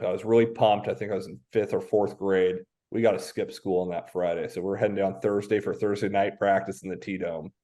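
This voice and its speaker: A man in his thirties from Washington State, a high school football coach telling stories as a podcast guest. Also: darkish tone. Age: 30s. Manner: reflective, anecdotal, many "um" fillers. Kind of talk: casual podcast interview.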